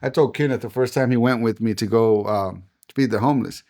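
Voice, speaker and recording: A guest pastor from the US chats on a relaxed podcast with a medium-pitched, somewhat mellow voice and a brisk pace. He sounds earnest and preacherly and voices the characters in his quotes.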